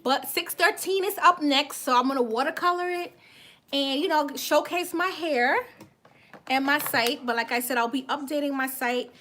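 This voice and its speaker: A high-pitched woman with a light West Indian accent talks through a makeup livestream in a loose, chatty way. She restarts words often and keeps thanking viewers by name. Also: moderate pace, bright, forceful tone, slight background noise. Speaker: beauty vlogger on a livestream. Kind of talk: casual livestream chat.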